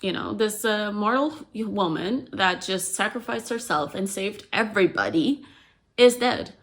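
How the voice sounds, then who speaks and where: A woman's voice: medium pitch, unhurried. A woman retelling a novel's plot in a casual, chatty way, with lots of "like" and "you know". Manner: chatty and animated, heavy use of "like" and "you know". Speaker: book explainer.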